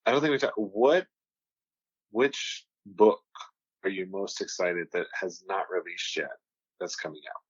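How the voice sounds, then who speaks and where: A man's voice: deep voice, animated, unhurried, no echo, muffled recording. A man co-hosting a podcast in casual chat, easygoing and plugging merchandise. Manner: easygoing, promotional asides. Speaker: podcast co-host. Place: home studio on video.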